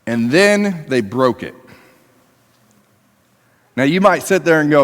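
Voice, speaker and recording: Guy preaching a sermon in church, talks to the congregation like a chat, goes loud then really quiet, big echoey hall. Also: lively intonation, slow, long pauses. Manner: conversational preaching, swinging between emphatic highs and quiet lows. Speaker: pastor. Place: church sanctuary. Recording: long reverb of a church hall.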